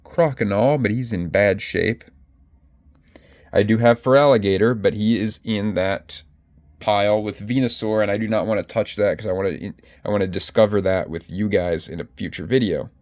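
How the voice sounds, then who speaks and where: A man's voice: fairly low pitch, steady tone, moderate pace, a little mellow, no room sound. A man chatting casually to his viewers as he pages through his card collection, often correcting himself mid-sentence. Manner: chatty, self-correcting, addresses viewers directly. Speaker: collector vlogger.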